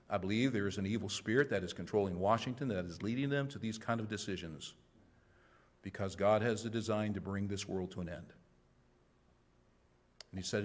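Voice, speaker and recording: Baptist pastor preaching a sermon. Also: male voice, on the low side. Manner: impassioned preaching, swinging from loud to hushed.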